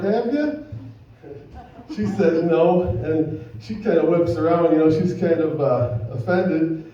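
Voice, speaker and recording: A man's voice: fairly high pitch, very echoey, far from the mic, dull audio. A man doing a stand-up comedy set, telling a rambling story full of fillers and crude punchlines. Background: audience laughter.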